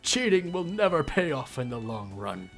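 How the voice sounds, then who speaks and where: A man's voice: on the high side, sing-song, moderate pace, fairly bright tone, soft background music. A man voicing a pompous young male gamer who lectures and plays at being a moderator, reading game dialogue aloud. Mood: lecturing. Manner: self-righteous, lecturing.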